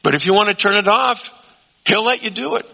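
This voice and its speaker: A man preaching a sermon as pastor, emphatic, swinging between loud urging and quiet asides. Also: high-pitched, lively intonation, fairly quick, creaky. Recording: dull lo-fi sound.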